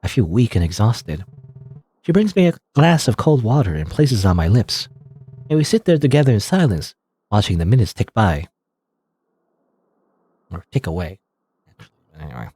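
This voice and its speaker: A man's voice: lowish voice, big pitch swings, normal speed, pauses often, dark tone, husky, no room sound. A man reading a story game aloud dramatically, with joking asides and laughs at his own slips. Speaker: let's play host.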